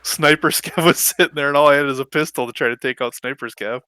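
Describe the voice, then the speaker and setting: Bright-voiced laid-back male co-host. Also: fairly high pitch, quick pace, clean tone, dry recording. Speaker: podcast co-host. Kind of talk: casual gaming podcast chat.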